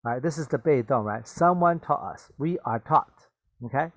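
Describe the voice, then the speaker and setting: A man's voice: medium pitch, lively intonation, normal speed, no echo. A man teaching English vocabulary, repeating and explaining words and slipping into glosses, checking in with "okay?" and "right?". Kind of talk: bilingual vocabulary lesson.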